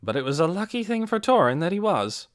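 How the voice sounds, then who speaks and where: A blunt, matter-of-fact older woman, as a man reading aloud puts her on speaks in a raised, lively voice. The storybook sound is close and dry. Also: high-pitched, a little fast, no echo, voice pushed up.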